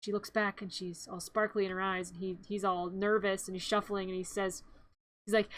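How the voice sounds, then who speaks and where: A woman's voice: medium pitch, level tone, moderate pace, no room sound. A woman streamer narrating a movie in a playful, rambling, chatty way with little quips.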